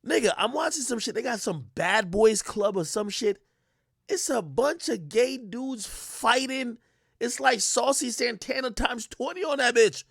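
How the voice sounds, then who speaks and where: A man's voice: extremely high pitch, a little slow, gravelly, husky, no echo, studio quality. A man streaming live, ranting casually in a profane, storytelling way. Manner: animated, profane, storytelling with quoted voices. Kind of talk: casual livestream rant.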